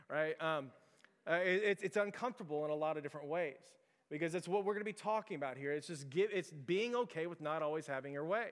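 A man's voice: a little high, fast talker, smooth, in a large hall. A man preaching a sermon in a conversational, storytelling manner, full of fillers and asides. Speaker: pastor.

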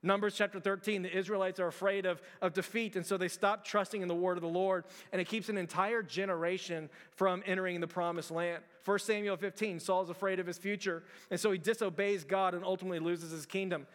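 Male pastor, high voice, casual sermon delivery with frequent restarts, long church reverb. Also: fairly even intonation, a little fast, few pauses, fairly bright tone. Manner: conversational, repeats words, frequent fillers and restarts. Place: large church hall.

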